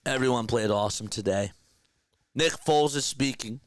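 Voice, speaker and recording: A young man hosting a casual sports livestream, talking to his chat with excitement and emotion. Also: medium pitch, moderate pace.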